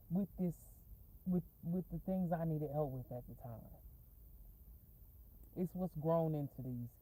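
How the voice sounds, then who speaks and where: A woman's voice: deep voice, mellow, husky, poor audio. A woman talking casually in a rambling, profane storytime vlog, going off on tangents and laughing often. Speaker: vlogger. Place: in a parked car.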